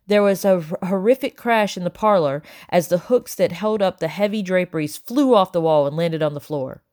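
Woman reading an audiobook, low voice. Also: fairly quick, hardly any pauses, darkish tone. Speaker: audiobook narrator. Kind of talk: first-person audiobook narration.

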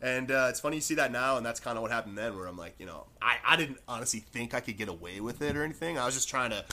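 Man, ex-player turned coach, quick chatty podcast storyteller with a bright, forceful voice. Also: medium pitch. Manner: rambling, animated, many "like" fillers. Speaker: former pro hockey player, now coach.

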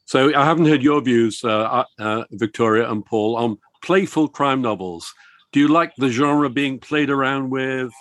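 A man's voice: medium pitch, normal speed, a bit bright, dry recording. A man hosting a casual book discussion and steering it with questions. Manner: leads with questions, chatty and inquisitive. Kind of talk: casual chat.

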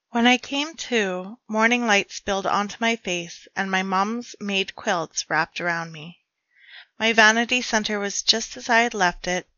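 A woman narrating her own first-person horror story in a hushed, slow and deliberate way. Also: medium pitch, poor audio. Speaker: author and narrator.

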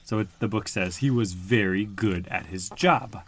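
A man's voice: on the low side, moderate pace, husky. Patient man reading a picture book to a child. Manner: patient, explains words simply. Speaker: storybook reader.

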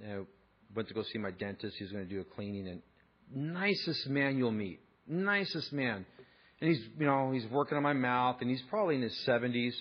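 A man's voice: medium pitch, animated, a little fast, slightly rough, muffled recording. A man preaching a sermon, conversational and emphatic, mixing scripture with personal stories. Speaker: pastor.

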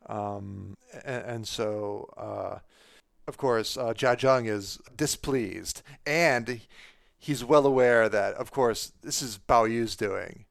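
A man's voice: lowish voice, slow, vocal fry, no echo. A man co-hosting a podcast, talking casually about a book with many fillers and restarts. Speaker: podcast co-host.

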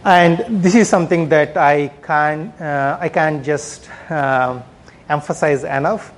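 A man's voice: on the high side, slow pace. A man giving a conference talk on product management, speaking conversationally and often ending points with "right?". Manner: conversational, frequent "right?" tags and fillers.

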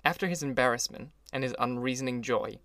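Man narrating a novel, dry and measured. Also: mid-range voice, a bit bright, no room sound. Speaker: audiobook reader. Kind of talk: scripted narration.

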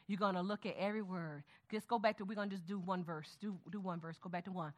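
A woman teaching a Bible study method, prompting her audience with questions and murmuring softly as she skims the passage. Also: medium pitch, moderate pace. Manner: call-and-response questions to the audience; murmurs softly while skimming the text aloud.

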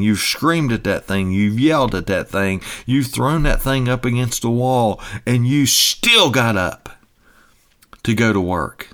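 A man hosting a retirement-money talk segment as a financial advisor, speaking in a folksy, emphatic, repetitive style. He is from the United States. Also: medium pitch. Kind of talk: promotional radio-style talk.

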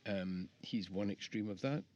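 A man's voice: low-pitched, unhurried, a little mellow, highs cut off. A middle-aged man, an architect guest, talking in a rambling, reflective way with many restarts, in casual interview chat. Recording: faint background noise.

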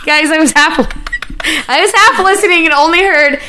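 A woman co-hosting a podcast, telling stories in casual chat, loud and laughing, swearing freely. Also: extremely high pitch, normal speed, a little hiss or hum. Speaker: podcast co-host.

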